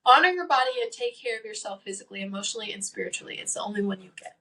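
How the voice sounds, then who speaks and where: A woman's voice: medium pitch, animated, rapid-fire, bright, forceful tone, far from the mic, low-quality recording. A young woman in her late teens hosting a faith-based advice podcast, earnest and emphatic, repeating her key points. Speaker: podcast host.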